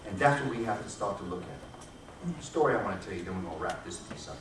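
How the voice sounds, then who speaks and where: A man's voice: on the low side, animated, fast talker, far from the mic. A man giving a public lecture to an audience, emphatic and preacher-like, driving his points home with repetition. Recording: echoey hall, recorded from afar, noisy.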